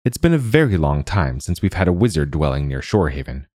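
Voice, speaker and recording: A man's voice: sing-song, fast talker, darkish tone, no room sound, clean studio sound, exaggerated voice. A man voicing a pompous, anxious middle-aged town mayor who speaks in a formal, self-important tone in a storybook reading. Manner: formal and pompous, raised pitch.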